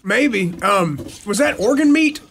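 A man's voice: sits high, lively intonation, unhurried, a bit bright, slight background noise. A man, talking squeamishly in casual studio banter. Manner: squeamish, complaining.

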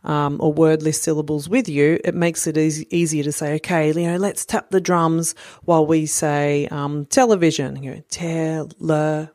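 Low-voiced woman explaining patiently. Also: flat delivery, moderate pace, hardly any pauses, dark tone, no echo, studio quality. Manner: clear, patient explaining with many fillers. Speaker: parent educator. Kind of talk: instructional talk to parents.

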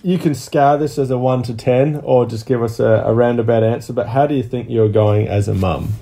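Laid-back man, mellow voice. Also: medium pitch, fairly quick. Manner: laid-back, teasing, dry. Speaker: podcast co-host asking questions. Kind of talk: casual chat.

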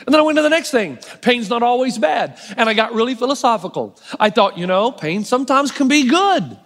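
A man pastor preaching a sermon with wry, self-mocking humor, slowing down to stress key phrases. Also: extremely high pitch, expressive, a bit bright. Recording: long hall reverb.

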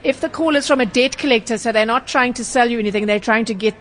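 A woman's voice: a little high, quick pace. A woman explaining consumer rules on radio, a little hesitant and full of fillers. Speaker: consumer journalist. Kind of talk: radio consumer advice chat.

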